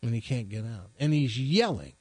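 A man's voice: mid-range voice, very animated, normal speed, a little mellow, husky, dry recording. A man hosting a radio show who rambles through a long joke and mocks himself along the way. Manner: rambling, self-mocking storyteller. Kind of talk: morning radio banter and joke telling.

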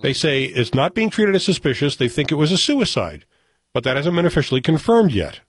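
A man's voice: on the high side, big pitch swings, fairly quick, slightly rough, dry recording. A man hosting a radio talk show, chatting casually in a wry way and reading news items aloud.

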